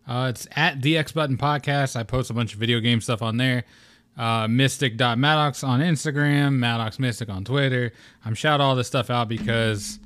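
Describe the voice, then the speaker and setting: A man's voice: mid-range voice, a bit bright, no room sound. A young man hosting his own gaming podcast solo, talking in a rambling, laid-back way and swearing casually. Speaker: podcast host.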